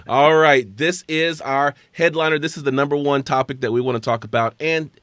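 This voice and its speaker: A man hosting a casual combat sports podcast, talking briskly with frequent fillers and restarts. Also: a little high, a bit bright, no echo. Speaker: podcast host.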